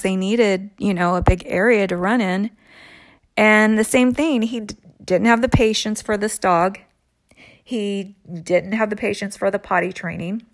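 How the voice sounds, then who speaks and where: A woman speaks slowly at a middle pitch, telling a personal story in a loose, conversational way. She sighs and trails off between thoughts and takes her time with each phrase. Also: no echo, studio quality. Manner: slow, unhurried, with sighs and trailing pauses.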